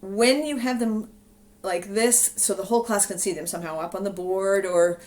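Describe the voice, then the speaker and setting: A music teacher talking to her own camera in a relaxed, explanatory way, walking teachers through classroom rhythm activities. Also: mid-range voice, moderate pace. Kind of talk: instructional video talk. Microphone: camera she films herself with.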